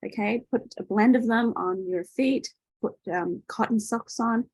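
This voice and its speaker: A woman's voice: a little high, unhurried, a little mellow, slightly rough, no echo, low-quality recording. Chatty woman hosting an online workshop. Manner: chatty, loose, with many fillers and tag questions. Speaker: workshop host. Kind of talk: casual teaching in an online workshop.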